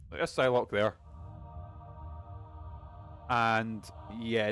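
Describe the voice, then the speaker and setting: A man's voice: mid-range voice, a bit bright. A man streaming a video game, chatting casually and rambling with plenty of swearing. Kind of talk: casual gaming commentary. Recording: game music behind.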